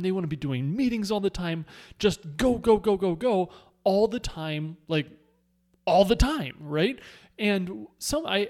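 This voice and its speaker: A man who leads a sales team, talking through advice in a casual, animated way and often repeating words while he searches for phrasing. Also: on the high side. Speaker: network marketing team leader.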